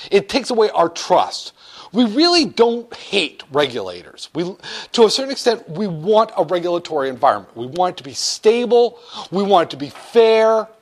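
Lively, joking male finance lecturer. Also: high voice. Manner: lively and joking, with sudden shouted asides. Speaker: finance teacher. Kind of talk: classroom lecture.

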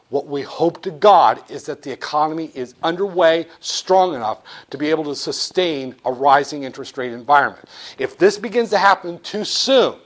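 A male economics instructor lecturing in an animated, blunt way, with jokey asides. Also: fairly high pitch. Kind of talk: lecture with acted-out role-play.

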